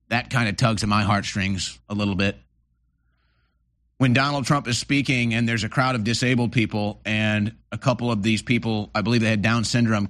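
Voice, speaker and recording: A man's voice: fairly low pitch, fairly bright tone. A man hosting political commentary, reacting to clips in a sarcastic, mocking way. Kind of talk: opinionated commentary over clips.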